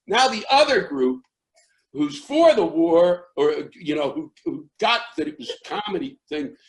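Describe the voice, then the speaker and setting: Gruff older American comic, a bit high-pitched, rambling and then yelling. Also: male voice, expressive, a little slow, rough recording. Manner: rambling, with restarts that build into yelling. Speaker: comedian. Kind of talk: storytelling interview.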